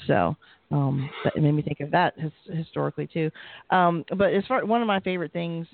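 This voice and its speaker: A man co-hosting a podcast, recapping a TV episode in a halting, restart-filled way. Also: a little high, gravelly, no echo. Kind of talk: casual TV recap chat. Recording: dry, phone-like audio.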